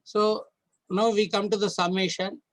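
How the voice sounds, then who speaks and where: A man with a rather high voice leads a training session for judges. He works through slides one point at a time, instructive and a little halting, with frequent restarts. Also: level tone, fairly bright tone, low-quality recording. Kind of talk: online training lecture.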